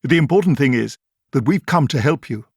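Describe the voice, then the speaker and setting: A man voicing a calm, self-assured eccentric time traveller in an audiobook, brisk and authoritative. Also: medium pitch, husky, no echo, clean studio sound, pitched above the performer's own voice.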